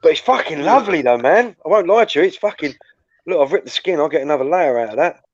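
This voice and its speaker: A man's voice: a little high, expressive, quick pace, no room sound, highs cut off. A man with an English accent in laid-back, sweary casual chat, stoned. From England. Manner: laid-back, swears a lot, laughs often.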